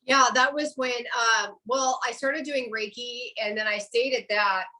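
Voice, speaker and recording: A woman in easy conversation on a podcast. She speaks in long, relaxed runs, one thought leading into the next. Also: a little high, a little slow, low-quality recording. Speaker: podcast co-host, Reiki practitioner. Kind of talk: casual chat.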